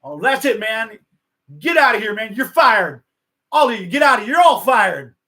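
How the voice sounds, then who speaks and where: A man's voice: high voice, moderate pace, fairly bright tone, pitched above the performer's own voice. A man doing a hot-tempered impression of a famous singer. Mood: angry. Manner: drawling, with a repeated "man".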